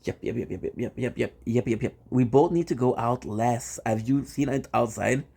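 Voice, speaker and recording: A man's voice: mid-range voice, normal speed, vocal fry, warm tone, slightly rough. A man streaming live and chatting casually with his viewers, playful and teasing, often repeating the same phrase several times in a row. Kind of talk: casual chat.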